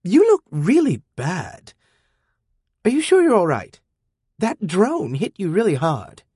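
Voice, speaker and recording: A man's voice: sits high, huge pitch swings, slow, mellow, breathy edge, no room sound, clean studio sound, voice pushed up, exaggerated voice. A man voicing a bold, stubborn teenage girl in an audiobook, with insistent outbursts.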